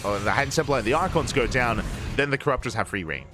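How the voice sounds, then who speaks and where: A man casting a live strategy game match, calm in his play-by-play and bursting with excitement when the fights break out. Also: medium pitch, fast, music in the background. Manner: excitable, rising sharply in big moments. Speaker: esports caster.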